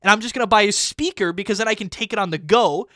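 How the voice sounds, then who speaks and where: A man's voice: high-pitched, fast, sharp tone, dry recording, studio quality. A man in his twenties hosting a casual podcast chat, rambling and swearing heavily as he gets worked up. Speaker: podcast host.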